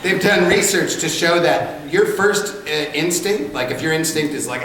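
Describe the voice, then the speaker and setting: A man's voice: on the high side, lively intonation, moderate pace, hardly any pauses, noisy background. A man, a voice actor, telling jokey stories at a convention panel. He laughs often and acts out voices. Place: large convention hall. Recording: echoey convention hall from far off, crowd ambience.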